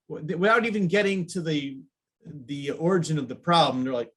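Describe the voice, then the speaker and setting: A man's voice: on the high side, moderate pace. A man hosting an interview show, talking casually and laughing along with his guest. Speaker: podcast host. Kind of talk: casual chat.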